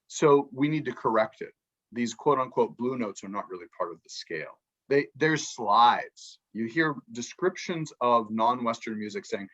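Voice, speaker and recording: A man, a podcast guest and book author, explaining music ideas in a lively way and acting out quotes from musicians. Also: mid-range voice, normal speed, lo-fi sound. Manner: animated, acts out musicians' quotes, many restarts.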